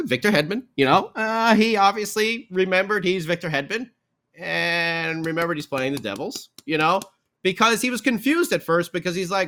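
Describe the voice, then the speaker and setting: Speaking high and fairly quickly, this podcast host rambles through a hockey game recap. He's animated, restarting often and leaning on fillers.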